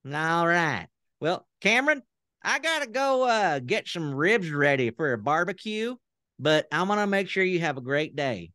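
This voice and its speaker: A man's voice: big pitch swings, a little slow, sharp tone, dry recording, clean studio sound, full character voice. Man doing a goofy Southern puppet host. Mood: cheery. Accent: American Southern. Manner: cheery, sing-song, high and bouncy.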